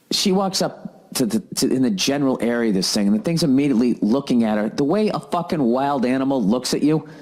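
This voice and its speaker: A male comedian rants through a story with constant swearing and animated delivery. His voice sits at an ordinary middle pitch for a man. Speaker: comedian and podcast host. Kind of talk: profane comedic rant.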